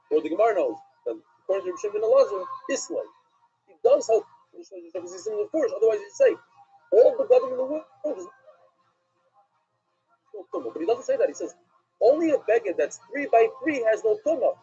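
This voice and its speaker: A man, a rabbi, giving an animated Talmud class lecture, asking and answering questions with emphasis. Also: high voice. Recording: dull lo-fi recording with faint music.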